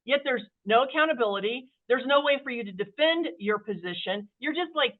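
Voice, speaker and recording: A woman company CEO telling her story as a guest in an interview, chatty and animated, acting out the voices of people she quotes. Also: fairly high pitch, brisk. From Kansas City area, USA. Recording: phone-like narrow-band sound.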